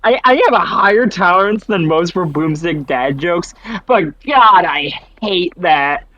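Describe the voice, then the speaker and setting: A man chatting casually as a podcast host, swearing often and reacting quickly. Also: high voice, lively intonation, muffled recording, a crowd in the background. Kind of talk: casual chat.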